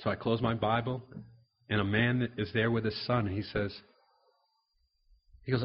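An earnest male preacher recounting stories from the pulpit, often doubling back on his words and voicing the people he met. His voice is husky and mid-pitched. The recording sounds dull and muffled. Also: brisk. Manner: earnest storytelling, repeats words, acts out dialogue. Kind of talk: sermon with personal stories.

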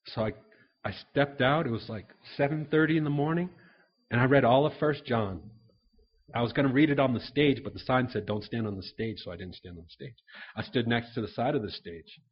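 An earnest male preacher recounting stories from the pulpit, often doubling back on his words and voicing the people he met. His voice is husky and mid-pitched. The recording sounds dull and muffled. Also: fairly quick. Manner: earnest storytelling, repeats words, acts out dialogue. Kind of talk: sermon with personal stories.

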